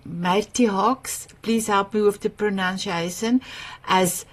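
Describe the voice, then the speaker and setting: A woman with a South African accent, an Afrikaans speaker, hosting a summit on a video call and sharing personal stories with gushing, emotional warmth and frequent laughter. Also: mid-range voice, steady tone, takes it slowly. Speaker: summit host.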